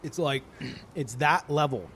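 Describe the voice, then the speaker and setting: A man streaming live in casual chat, ranting in an animated and profane way. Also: mid-range voice, slow pace, creaky, slight background noise.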